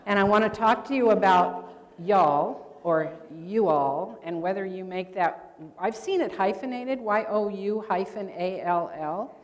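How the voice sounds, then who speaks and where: Speaking at a measured pace with a medium-pitched voice, an older woman runs a grammar session at a convention workshop. She's conversational and tests her listeners with questions, her words trailing off into the hall's long reverb.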